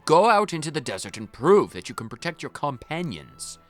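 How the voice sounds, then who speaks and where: A man's voice: fairly high pitch, sing-song, normal speed, a bit bright, faint music behind, pitched above the performer's own voice. A man reading the lines of a stern, proud woman paladin in a video game, formal and commanding.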